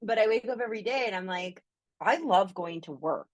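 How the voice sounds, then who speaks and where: A woman's voice: medium pitch, lively intonation, brisk, no room sound. A woman with a Canadian accent, chatting enthusiastically as a guest astrologer on a podcast, often saying "like". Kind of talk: casual podcast conversation.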